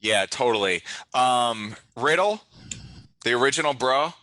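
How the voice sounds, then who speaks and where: A man's voice: mid-range voice, lively intonation, unhurried, sharp tone, no room sound, rough recording. A man hosting a casual podcast, blunt and opinionated as he runs through his picks. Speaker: host.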